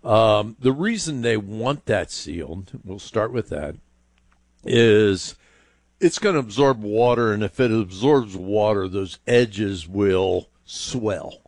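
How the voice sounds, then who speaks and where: A man's voice: on the low side, lively intonation, slow, no room sound. A man hosting a call-in home improvement show, thinking aloud with lots of fillers and restarts as he gives advice.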